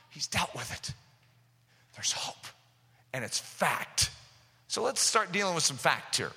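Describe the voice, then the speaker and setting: A man preaching a sermon, impassioned, with sudden loud outbursts, recorded in an echoey hall. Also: very high-pitched, vocal fry.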